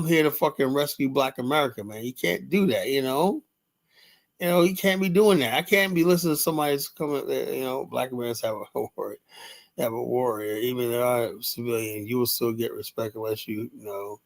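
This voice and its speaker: A man's voice: mid-range voice, steady tone, fairly quick, creaky. Rambling man hosting a live stream. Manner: rambling, laughs often, talks to chat by name. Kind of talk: casual live-stream commentary.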